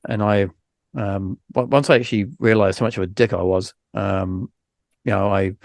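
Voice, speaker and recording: A man hosting a podcast, chatting frankly with lots of fillers and restarts while low on energy after an illness. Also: fairly even intonation, normal speed, gravelly, dry recording. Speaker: podcast host. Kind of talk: casual podcast chat.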